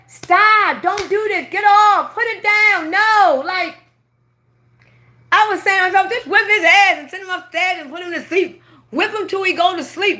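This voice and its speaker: A woman telling a long, profane, emphatic story to viewers on a late-night live stream from her phone. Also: very high voice. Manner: profane, emphatic, animated ranting. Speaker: livestreamer.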